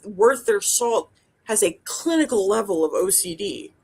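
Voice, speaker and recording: A woman's voice: medium pitch, animated, a little slow, a little mellow, slightly rough. A woman, a dental hygienist, chatting casually as a podcast co-host, blunt and profane, rambling with lots of restarts. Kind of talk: casual chat.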